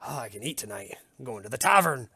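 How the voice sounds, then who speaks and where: A man's voice: medium pitch, sing-song, fast, a crowd in the background. A man voicing a grumbling, hard-up townsman who mutters his complaints. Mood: relieved. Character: grumbling man with fat fingers selling rings.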